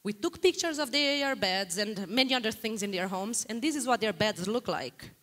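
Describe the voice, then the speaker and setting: A woman from Brazil with a Brazilian Portuguese accent, giving a lively guest lecture in a hall and putting frequent questions to the audience. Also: mid-range voice, normal speed. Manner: animated, questions the audience often.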